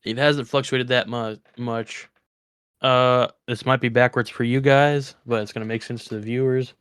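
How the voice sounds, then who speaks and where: A man's voice: medium pitch, steady tone, normal speed, a bit bright, clean tone, dry recording. A man co-hosting a video game podcast, talking in an easygoing, laid-back way. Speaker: podcast co-host. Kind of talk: casual chat.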